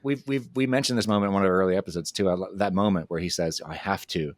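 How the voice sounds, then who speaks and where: Low-voiced man gushing about a film. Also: animated, rapid-fire, no echo, clean studio sound. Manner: enthusiastic, repeats that he loves the moment. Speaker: podcast co-host. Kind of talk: casual film discussion.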